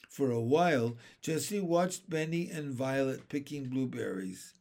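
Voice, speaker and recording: A man reading a children's chapter book aloud in an unhurried, expressive storytelling way. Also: medium pitch. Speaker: narrator.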